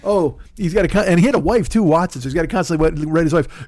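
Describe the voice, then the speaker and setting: A man's voice: fairly high pitch, quick pace, hardly any pauses, a little mellow, dry recording, studio quality. A man in his forties hosting a solo comedy podcast, ranting in a rambling, profane way and often cutting himself off. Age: 40s. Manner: profane, rambling, self-interrupting.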